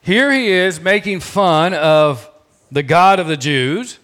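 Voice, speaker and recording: A man preaching a sermon, emphatic and repetitive, often dropping his voice low to stress a point. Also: animated, slow, a bit bright. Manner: emphatic preaching with repeated phrases. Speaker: pastor.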